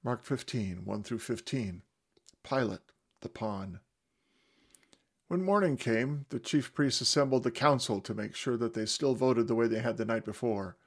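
A man's voice: medium pitch, a little slow, husky. A man giving a dramatic first-person retelling of scripture, with varied emphasis. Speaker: storyteller.

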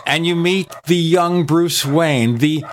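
A man's voice: on the high side, takes it slowly, slight background noise. A man hosting a tech talk show in casual, enthusiastic chat that wanders from point to point. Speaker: show host.

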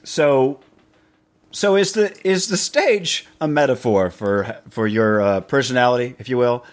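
A man's voice: medium pitch, unhurried. A man hosting a candid, casual conversation, joking and rambling with frequent restarts. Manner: rambling, jokey, stammering restarts.

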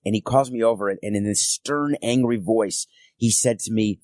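A middle-aged man hosting a solo sports podcast, telling stories in a chatty way with quick asides. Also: fairly low pitch, a little mellow, dry recording, clean studio sound.

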